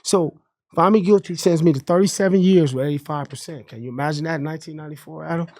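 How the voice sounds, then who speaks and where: A man in his fifties, a podcast guest, telling his story in an animated, profane way and acting out the courtroom dialogue. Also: a little high, fast talker.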